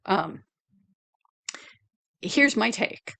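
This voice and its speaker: A woman teacher giving a lecture analyzing a poem, deliberate, with fillers and self-corrections. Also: medium pitch, animated, gravelly, fairly bright tone.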